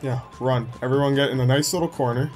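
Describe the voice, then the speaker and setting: A man's voice: medium pitch, fairly even intonation, fast talker. A young man giving casual, sarcastic let's play commentary with joking banter. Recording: faint game music behind.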